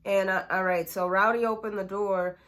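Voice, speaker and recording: A woman's voice: medium pitch, steady tone, moderate pace, a bit bright. A woman telling a personal story in a casual, chatty way, full of slang and fillers. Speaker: storyteller vlogger.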